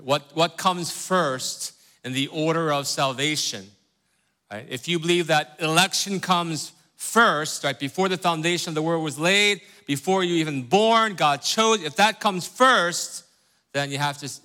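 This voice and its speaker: A man's voice: a little high, pushed and bright. A man teaching a Bible study who keeps asking his listeners questions and checking in with "right?", earnest and emphatic. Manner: earnest, reads scripture slowly with rising emphasis.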